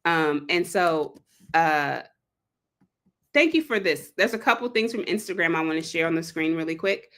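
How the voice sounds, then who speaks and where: Woman, bright tone, casual livestream host, digressive, animated quoting. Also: normal speed. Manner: animated, digressive, acts out quotes with big pitch leaps. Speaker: author hosting a live read-along.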